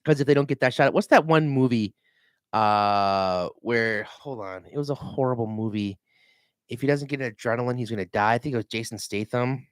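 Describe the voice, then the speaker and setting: A middle-aged man rambling in a casual vlog, telling animated stories and swearing freely. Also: mid-range voice, moderate pace, clean tone, dry recording, clean studio sound. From Minnesota. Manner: animated storytelling, mimics voices, swears freely. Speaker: realtor vlogger.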